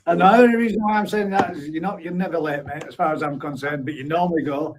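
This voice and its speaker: A man's voice: on the high side, fast talker, hardly any pauses, background noise. A man in his forties hosting a live stream, chatting casually and reading out viewer comments, blunt, with offhand swearing and frequent laughs. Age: 40s.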